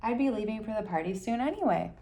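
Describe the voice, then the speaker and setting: A woman voicing a kind older female baker in a storybook, gentle and reassuring. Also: medium pitch, animated, quick pace, natural voice. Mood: kindly.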